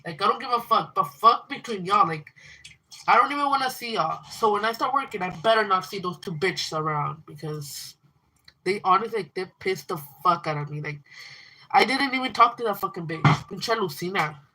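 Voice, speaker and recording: A teenage girl rants angrily on a livestream in a mid-range voice that sounds animated, pushed, and bright. She speaks fast, swears a lot, and retells a fight with a friend. The audio quality is poor.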